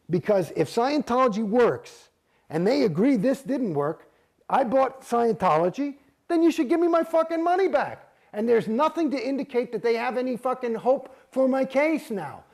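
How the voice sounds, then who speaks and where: A man's voice: extremely high pitch, animated, moderate pace, darkish tone. A man in a candid interview, telling a long story in a rambling, heated way and swearing constantly.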